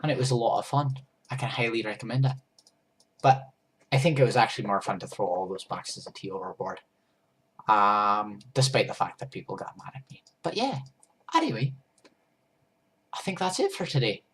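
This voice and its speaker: A man's voice: lowish voice, big pitch swings, normal speed, long pauses, fairly bright tone, a little hiss or hum. A man narrating a goofy first-person story while he draws, rambling and breaking off to fix his drawing. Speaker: storyteller and drawer.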